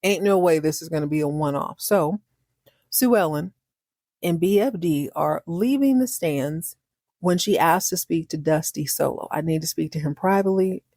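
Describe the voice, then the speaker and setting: A woman hosting a TV recap podcast, animated and slangy with joking asides. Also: low-pitched, unhurried, no echo, studio quality. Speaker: podcast host. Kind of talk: TV episode recap.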